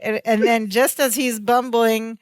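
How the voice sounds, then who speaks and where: A woman co-hosts a rewatch podcast and retells the scenes with lively quoted lines. Her voice sits a little high, and the sound is dry and close. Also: a little slow, no room sound. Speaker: podcast co-host. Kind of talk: casual chat recapping a sitcom episode.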